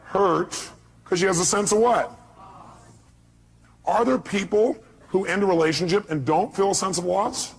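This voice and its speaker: A man's voice: sits high, a little slow, pauses often, breathy edge. A man giving a live motivational seminar talk, speaking emphatically and bluntly and firing rhetorical questions at the audience. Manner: blunt, occasional profanity.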